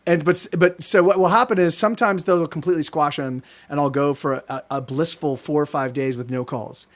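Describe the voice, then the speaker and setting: A man's voice: on the high side, steady tone, brisk. Rambling, cursing male streamer. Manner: rambling, restarts, swears freely. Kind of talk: casual livestream chat. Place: small apartment.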